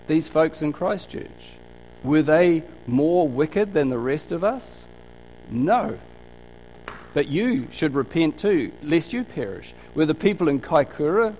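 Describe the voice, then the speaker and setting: A man's voice: on the high side, darkish tone, slight background noise, rough recording. A man preaching a conversational sermon, telling stories and asking rhetorical questions. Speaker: pastor.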